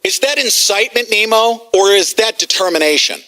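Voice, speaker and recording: A man hosting a talk radio show, ranting agitatedly, shouting and swearing at callers and officials. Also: sits high, lively intonation, fairly quick. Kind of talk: heated talk radio rant.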